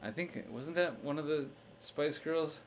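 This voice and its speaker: A man's voice: a little high, measured pace, a little hiss or hum. A young man on a live stream, thinking aloud through a crossword with many fillers and restarts. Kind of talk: casual live-stream chat.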